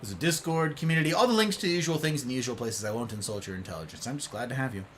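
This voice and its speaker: A man's voice: mid-range voice, very fast, fairly bright tone, a little hiss or hum. A young man chatting casually with his live-stream viewers, playful and theatrical, with old-fashioned turns of phrase.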